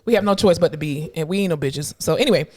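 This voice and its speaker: A woman's voice: sits low, quick pace. A young adult woman co-hosting a podcast, telling stories bluntly and acting out quotes in casual chat. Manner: blunt, animated storytelling with voiced quotes. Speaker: podcast co-host.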